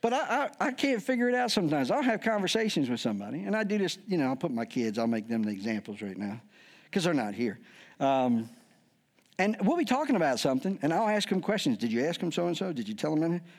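Lively joking pastor preaching a sermon. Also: male voice, fairly high pitch, fast. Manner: lively, joking, acts out quoted voices.

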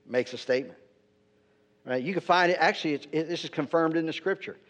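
A pastor with a fairly bright, somewhat high voice talks quickly through a teaching sermon, keeping it conversational and often asking his listeners "right?" to check in. The lo-fi recording sounds dull.

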